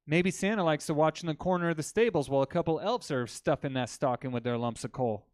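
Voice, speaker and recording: A man doing a stand-up comedy set in a comedy club, telling crude jokes with deadpan delivery and bantering with the crowd. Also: a little high, fast talker, no room sound.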